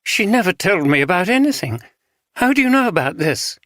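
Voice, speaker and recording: A man's voice: high voice, sing-song, fairly quick, a bit bright, no echo, clean studio sound, voice pushed up. A man voicing a weary, distracted bereaved husband. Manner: tired, distracted. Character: weary bereaved middle-aged male rector's husband.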